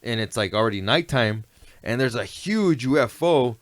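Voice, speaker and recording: A man's voice: mid-range voice, lively intonation, normal speed, no room sound. A man telling stories in a laid-back, rambling way, often asking "you know what I mean". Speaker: guest. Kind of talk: casual storytelling chat.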